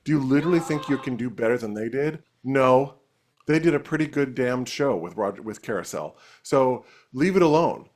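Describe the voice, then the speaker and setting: A man on a casual talk show, ranting with rising anger about a topic he cares about. His pitch is mid-range and his delivery is conversational but heated. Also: lively intonation, fairly quick. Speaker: co-host.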